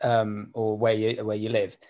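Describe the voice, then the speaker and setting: A man in casual chat, telling ideas in a relaxed, rambling way with fillers. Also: lowish voice, normal speed.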